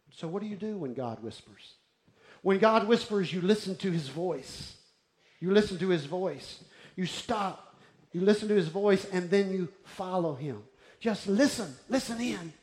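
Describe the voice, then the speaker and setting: A man preaching a sermon in a slightly high voice. He tells stories with animated energy, then sinks into soft, near-whispered lines. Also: normal speed. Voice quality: bald-headed preacher, restless and wired up. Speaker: pastor.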